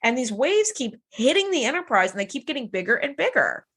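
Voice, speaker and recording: Lively woman co-hosting a podcast. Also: sits high, fairly quick, breathy edge. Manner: animated, acts out characters' lines. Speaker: podcast co-host. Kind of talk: casual chat recapping an episode.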